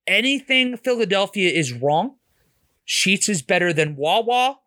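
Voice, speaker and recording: In casual sports betting commentary, a Pittsburgh man with a local accent hosts a podcast and hands out blunt, opinionated football picks, cursing freely. His voice sits high and sing-song, with a measured pace and a sharp tone.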